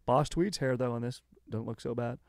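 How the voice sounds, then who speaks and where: Male podcast host, feeling sick, gravelly fry, dry close mic, easygoing banter. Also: medium pitch, moderate pace, a little mellow, no echo. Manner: laid-back, says "dude" a lot. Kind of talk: casual chat.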